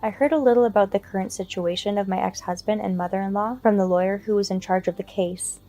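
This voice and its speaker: A woman narrating a first-person story in an even, matter-of-fact way, over faint music. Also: medium pitch, fast.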